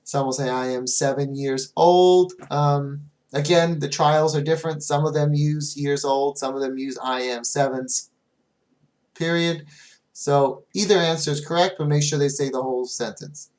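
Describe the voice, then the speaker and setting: This man teaches English online and is offering casual tips to other teachers, using fillers and slowing way down each time he models a phrase. His pitch is fairly high, his intonation fairly even, and his tone somewhat dark.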